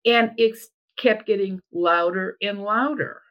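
A woman's voice: medium pitch, measured pace, lo-fi sound. A middle-aged woman telling a personal story in casual chat, acting out what people said. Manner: animated, acts out quoted voices. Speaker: storyteller guest.

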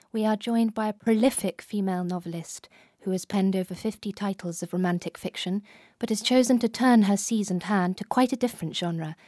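Measured woman radio host, mellow tone. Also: medium pitch, dry recording, studio quality. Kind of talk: scripted radio interview.

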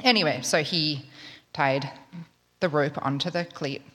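A woman's voice: low voice, measured pace, fairly bright tone, long reverb tail. A woman telling a true story live, in a wry, conversational, self-mocking way. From Australia.

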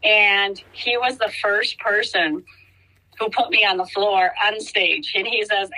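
A middle-aged woman, a hairstylist guest in a casual interview, talking in halting bursts with many restarts and lively quoted reactions. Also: mid-range voice, poor audio.

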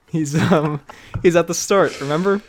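A young man co-hosting a casual podcast, animated and laughing often, with bursts of mock outrage. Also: a little high. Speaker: podcast co-host. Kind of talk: casual chat.

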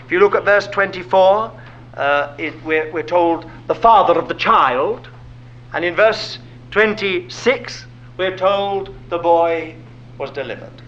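A man's voice: sits high, measured pace, fairly bright tone, lo-fi sound. A man preaching a sermon, asking rhetorical questions and dropping to a whisper for emphasis.

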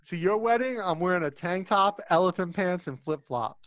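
A man's voice: sits high, normal speed, a bit bright, no echo, studio quality. A man co-hosting a podcast in casual chat, easygoing and a bit hesitant, often laughing along. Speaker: podcast co-host.

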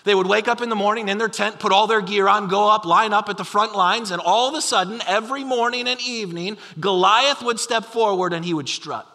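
A man's voice: sits high, brisk, hardly any pauses, pushed and bright. A man preaching a sermon as pastor, telling the story with emphatic energy. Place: church sanctuary. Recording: long hall reverb.

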